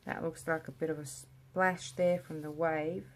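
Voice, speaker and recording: A woman's voice: low voice, flat delivery, measured pace, a little hiss or hum. A woman giving a chatty, murmured running commentary while she works on resin art at home, often trailing off mid-thought. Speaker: resin artist. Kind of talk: casual narration while working. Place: indoor home art studio with a window.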